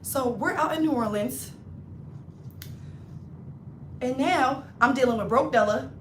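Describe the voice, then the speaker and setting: A woman with a high voice tells a story on a casual livestream, animated and full of slang. She keeps slipping into her friends' voices as she talks. The room sounds roomy, with a faint hum behind her. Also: normal speed. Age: adult, not in her twenties. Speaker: hairstylist livestreamer.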